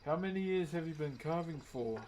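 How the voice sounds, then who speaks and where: A man in his thirties with a New Zealand accent, chatting casually to his livestream chat in a relaxed, slangy way while he carves wood. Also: a little high, brisk, a little hiss or hum. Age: 30s. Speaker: wood carver streaming live.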